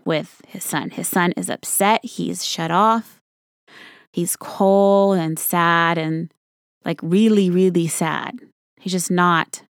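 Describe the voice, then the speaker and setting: A woman's voice: on the low side, no room sound, clean studio sound. A woman telling a true story in a casual, conversational way, speaking straight to the listener. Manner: conversational, casual swearing, addresses listener directly. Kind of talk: storytelling monologue.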